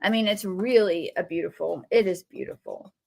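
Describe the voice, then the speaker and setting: A woman's voice: lowish voice, moderate pace, creaky. A woman, hosting a live craft stream. She rambles and tells stories, talking to viewers by name as she paints. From Ohio. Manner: rambling, animated storytelling, talks to viewers by name while painting. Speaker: craft livestream host.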